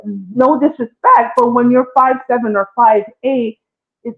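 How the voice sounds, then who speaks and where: A woman hosting a casual relationship talk show, speaking expressively and addressing the listeners directly. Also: on the high side. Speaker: host. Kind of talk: casual podcast discussion. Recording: tinny phone-like sound.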